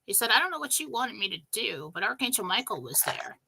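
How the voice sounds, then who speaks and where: A woman hosting a show, telling a spiritual story in an emphatic, breathless, animated way. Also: fairly high pitch, fast talker, gravelly, husky, rough recording. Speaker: show host.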